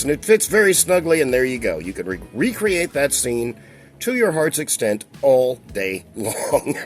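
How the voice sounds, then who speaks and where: A middle-aged man with a twang, chatting through a toy review in a folksy, eager way. His pitch swings up and down a lot, mid-height on average, with faint music playing behind him. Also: a little mellow. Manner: folksy and enthusiastic, talks to viewers as he handles the toy. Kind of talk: casual toy review and unboxing.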